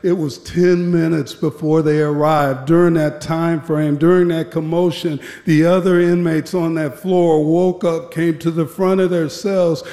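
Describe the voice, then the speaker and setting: A man recounts his years as a prison guard in a slow, measured telling, with heavy pauses between phrases. His voice sits a little high for a man. The sound rings through a big hall with a long, roomy tail. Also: level tone, dark tone. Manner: measured, grave, with deliberate pauses. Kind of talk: personal storytelling talk. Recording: echoey hall with long reverb.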